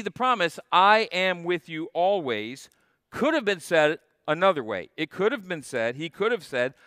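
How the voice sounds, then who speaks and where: A man preaching a sermon as a guest pastor, stressing key phrases and slowing down to repeat them. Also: fairly high pitch, a bit bright, no echo, studio quality. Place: church sanctuary.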